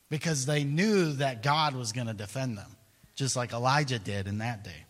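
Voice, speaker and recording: A man preaching a sermon, retelling scripture in an animated storytelling way and laughing often. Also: on the high side, fairly quick, big-room sound.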